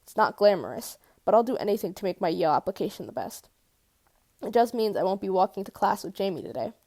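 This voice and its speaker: A woman's voice: medium pitch, sing-song, fast, dark tone, dry recording. A woman reading a first-person novel aloud in a casual way, correcting her slips and swearing at them. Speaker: audiobook reader.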